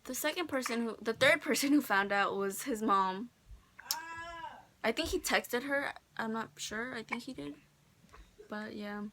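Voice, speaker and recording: A teenage girl vlogging casually from a bedroom, telling a personal story softly with many fillers, sometimes dropping near a whisper. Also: a little high, measured pace, long pauses. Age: teens. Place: indoor bedroom, holding a baby. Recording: noticeable background noise.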